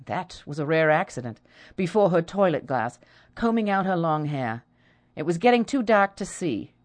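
Expressive low-voiced woman narrator. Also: normal speed. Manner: expressive storytelling. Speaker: audiobook narrator. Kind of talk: scripted narration.

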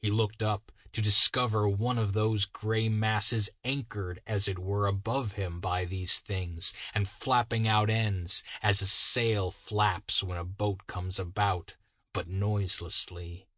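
Slow, low-voiced male storyteller. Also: steady tone, a bit bright, no room sound. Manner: slow, measured reading. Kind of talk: scripted narration.

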